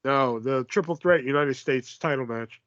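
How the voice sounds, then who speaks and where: A man hosting a casual podcast who talks in a lively, swearing, joking way. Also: medium pitch, normal speed, smooth, no room sound, dull audio. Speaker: podcast host. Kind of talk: casual chat.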